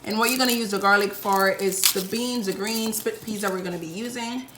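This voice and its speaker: A woman's voice: mid-range voice, brisk, a bit bright, a little hiss or hum. A woman hosts a casual cooking vlog from a home kitchen, chatty and teasing. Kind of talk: casual chat. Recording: echoey room with music.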